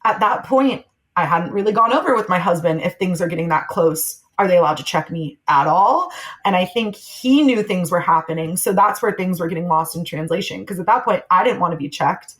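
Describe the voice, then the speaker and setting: Her voice is on the low side, expressive, fairly quick and a little bright, though the recording is rough. As a young adult guest on a podcast, she reflects openly on giving birth, laughing as she mimics the voices of people involved.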